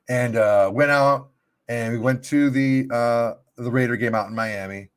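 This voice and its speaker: A man's voice: medium pitch, normal speed, clear, resonant tone. A man co-hosting a post-game football podcast, telling a long story in a rambling, profane way. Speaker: podcast co-host. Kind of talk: casual storytelling chat.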